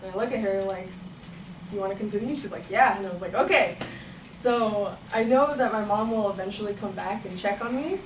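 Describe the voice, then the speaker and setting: A woman's voice: mid-range voice, brisk. A young woman telling a funny personal story in a chatty way, laughing as she goes. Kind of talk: personal story told to a room. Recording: echoey room, far from the mic, noisy.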